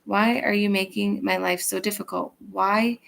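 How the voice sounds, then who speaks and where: A woman reading the lines of an aged, grieving father in her own plain, steady reading voice. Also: medium pitch, moderate pace, gravelly. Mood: anguished. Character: grieving aged father, male, clinging to his youngest.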